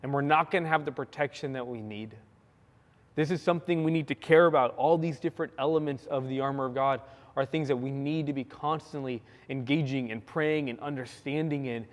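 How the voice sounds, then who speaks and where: Young man preaching, animated, church hall with long echo. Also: medium pitch. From California. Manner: animated storytelling with acted quotes. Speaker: pastor. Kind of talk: sermon. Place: church sanctuary.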